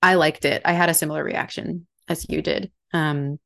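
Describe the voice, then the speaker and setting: A woman's voice: sits low, fairly even intonation, normal speed, gravelly, fairly bright tone. A young woman co-hosting a podcast, chatting casually in an upbeat way with frequent laughs. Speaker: podcast co-host. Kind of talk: casual chat.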